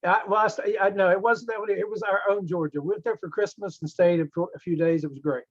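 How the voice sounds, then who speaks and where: A man's voice: high-pitched, fairly even intonation, quick pace, lo-fi sound. A man in his seventies from West Virginia, telling rambling stories in casual meeting chat. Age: 70s. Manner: rambling, chatty storyteller. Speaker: club member.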